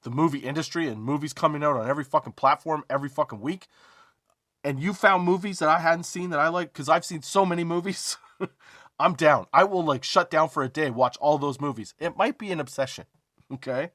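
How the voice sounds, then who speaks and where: A man's voice: fairly high pitch, a bit bright, no echo, studio quality. Profane, ranting man on a podcast. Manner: profane, emphatic storytelling; drawn-out emphasis, rhetorical asides. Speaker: comedy podcast host. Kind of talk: comedic ranting monologue.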